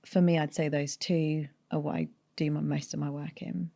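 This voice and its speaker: A woman's voice: deep voice, steady tone, normal speed, vocal fry, mellow. A woman from North London with a neutral British accent and a light North London tinge, a voiceover artist chatting as an interview guest and explaining at length with restarts. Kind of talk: casual interview chat.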